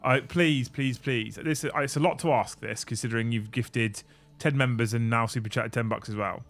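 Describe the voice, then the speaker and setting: A man's voice: medium pitch, fairly even intonation, normal speed, fairly bright tone. A man hosting a casual livestream, chatting and thanking viewers while building models. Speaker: livestream host. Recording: faint music behind.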